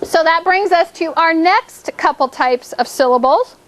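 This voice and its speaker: An upbeat woman teacher leading a phonics drill in a classroom, her voice pitched high and bright. She coaxes the children along playfully, with a faint hum of room noise behind her. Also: measured pace. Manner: upbeat, coaxing, playful game framing.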